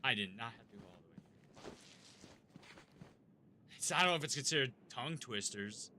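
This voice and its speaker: Bright-voiced rambling streamer man. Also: medium pitch, lively intonation, brisk, slight background noise. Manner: rambling, swears freely, talks to chat. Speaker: live-streaming gamer. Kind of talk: casual live-stream chat.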